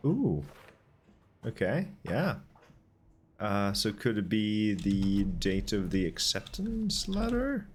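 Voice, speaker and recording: A man streams a game in a relaxed commentary, with a very deep voice and a slow, unhurried pace. He mutters to himself while puzzling things out and reads notes aloud. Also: slight background noise. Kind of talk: casual gameplay commentary.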